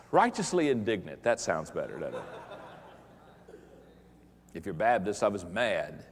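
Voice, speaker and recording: A middle-aged man, a pastor giving a humorous live talk to an audience, telling stories in an animated, self-mocking way and often repeating words. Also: deep voice, measured pace, long pauses, in a large hall. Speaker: pastor and leadership speaker. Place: large hall with an audience.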